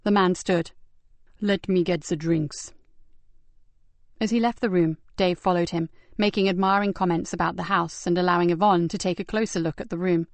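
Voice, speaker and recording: A woman's voice: lowish voice, steady tone, quick pace, hardly any pauses, no echo. A woman narrating a crime novel as an audiobook reader.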